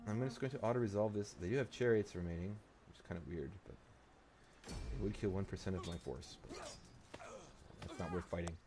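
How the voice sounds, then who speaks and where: A man's voice: deep voice, a little fast, long pauses, a little mellow, a little hiss or hum. A man hosting a strategy game playthrough, thinking aloud and muttering to himself and the game as he plays. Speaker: let's play host.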